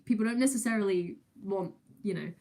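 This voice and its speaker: A woman's voice: medium pitch, fairly quick, a little mellow. A young woman, chatting casually on a livestream and answering viewers with many fillers, restarts and giggles. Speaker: streamer.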